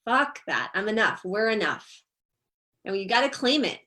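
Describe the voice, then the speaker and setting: A woman's voice: mid-range voice, very animated, normal speed, bright, forceful tone, low-quality recording. A middle-aged woman hosting a masterclass discussion, blunt, emphatic and freely profane. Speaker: masterclass host. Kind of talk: casual group discussion.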